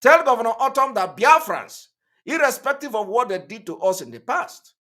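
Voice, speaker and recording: A man hosting an online channel, delivering emphatic, repetitive political commentary that rises to loud outbursts. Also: very high-pitched, very animated, moderate pace. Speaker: online TV host.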